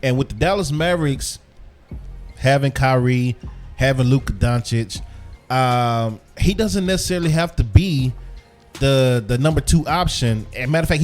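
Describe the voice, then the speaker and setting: Male podcast host, mid pitch, casual and repetitive, gum in mouth, light music bed. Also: a little mellow. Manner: loose, chatty, repeats himself. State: chewing gum while talking. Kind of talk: casual sports commentary.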